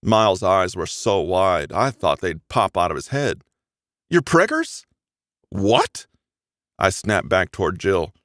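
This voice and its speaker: A man narrating a first-person romance audiobook in an expressive, even storytelling manner. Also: low voice, moderate pace, few pauses, no echo, studio quality.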